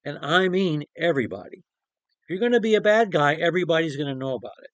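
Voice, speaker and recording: A man's voice: fairly high pitch, very animated, fast, fairly bright tone, no echo. A man preaching a short devotional Bible talk in an earnest, emphatic way, repeating phrases and restarting sentences.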